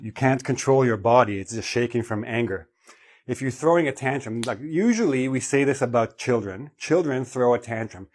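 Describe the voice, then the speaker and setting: Male English teacher, mid-pitched voice, patient explanatory delivery with frequent check-ins. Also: normal speed. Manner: explanatory, checks in with "okay?" and "right?". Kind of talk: vocabulary lesson.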